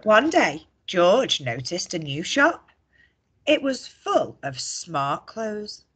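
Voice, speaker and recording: Woman teacher, storybook read-aloud, slow, breathy, lively low voice. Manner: expressive, asks the listeners questions. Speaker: primary school teacher.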